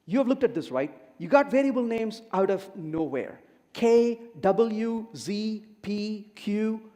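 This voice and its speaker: In an echoey conference hall, a high-pitched man speaks slowly through a humorous technical talk. He tells stories with animation and acts out the dialogue.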